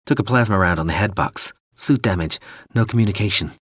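Brief: tough soldier woman, read by a man, clipped and low, husky tone, dry booth. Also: fairly quick, dry recording. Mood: curt. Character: tough blunt female soldier, curt and weary.

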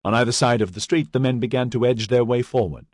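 A man giving a scripted audiobook narration in a steady, even storytelling manner. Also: mid-range voice, quick pace, dry recording, clean studio sound.

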